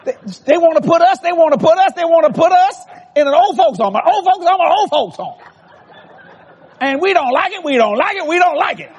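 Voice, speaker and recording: A man's voice: very high-pitched, lively intonation, a little fast, pitched above the performer's own voice. A man voicing a very old woman who says every phrase three times. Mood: fretful pleading. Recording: long hall reverb.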